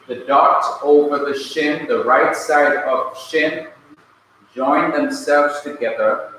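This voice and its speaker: A man from Jamaica teaching a Hebrew grammar class, explaining slowly and deliberately in a classroom. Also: on the high side, bright, forceful tone. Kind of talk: classroom lecture. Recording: very echoey room, faint hum.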